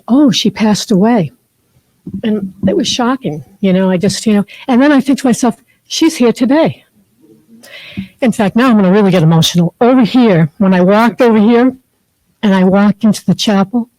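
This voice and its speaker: A woman's voice: medium pitch, mellow, no echo, low-quality recording. A woman in her fifties, a therapist and spiritual teacher, speaking as a guest in a chapel and telling personal stories in a heartfelt, rambling way full of fillers. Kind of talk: personal spiritual talk to a group.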